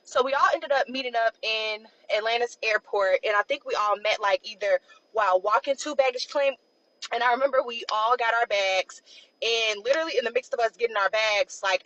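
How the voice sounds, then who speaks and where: A young woman casually telling a personal story, loose and chatty, full of "like" and quick asides. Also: on the high side, a bit bright, no room sound, muffled recording. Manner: chatty, loose, peppered with "like" and "blah, blah".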